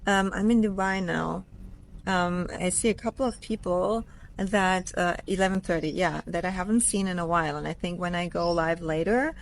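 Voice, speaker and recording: A woman's voice: lowish voice, moderate pace. A woman business coach hosting a casual live stream outdoors by a pool, effusively greeting viewers by name and swearing freely.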